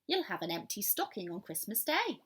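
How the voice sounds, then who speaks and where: A woman's voice: medium pitch, sing-song, normal speed, fairly bright tone, breathy edge, exaggerated voice. A woman voicing a bossy little girl who knows it all, in a storybook reading. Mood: matter-of-fact. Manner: bossy, matter-of-fact.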